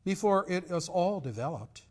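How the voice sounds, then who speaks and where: A man reading aloud as a regretful male ghost in chains, declaiming slowly, loud and drawn out. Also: sits high, lively intonation, voice pushed up. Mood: anguished lament.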